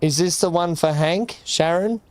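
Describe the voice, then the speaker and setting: A gaming video creator unboxes gifts while chatting casually, muttering asides, talking to his dog and frequently clearing his throat. He speaks unhurriedly in a slightly high voice.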